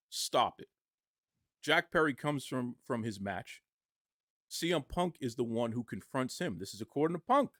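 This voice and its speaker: A man giving impassioned podcast commentary, arguing forcefully and firing off rhetorical questions. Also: fairly high pitch, no room sound, studio quality.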